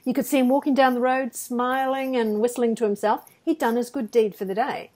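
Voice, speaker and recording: A woman with a fairly high voice, talking a little fast, co-hosts a podcast. She swaps personal anecdotes in easygoing conversation, acting out quotes with animation and laughing at herself.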